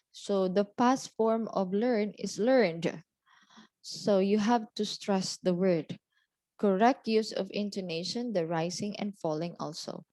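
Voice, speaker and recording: Woman, exam speaking teacher, deliberate explanations, medium pitch, dry close sound. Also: warm tone, dry recording. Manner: deliberate, repeats "okay" and "so" between points. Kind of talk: explanatory lesson.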